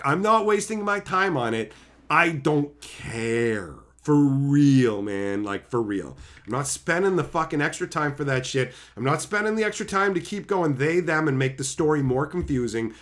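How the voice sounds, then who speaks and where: A man rants on his own channel, swearing constantly and dripping with sarcasm. His voice sits fairly high and leaps up and down as he gets worked up. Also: a bit bright. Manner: mocking voices of imagined critics. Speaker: channel host. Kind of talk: profane opinion rant.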